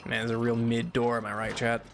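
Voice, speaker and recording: With a medium-pitched, monotone voice and a brisk pace, a young VTuber streamer chats loosely while gaming, restarting often and laughing. A little hiss or hum is audible.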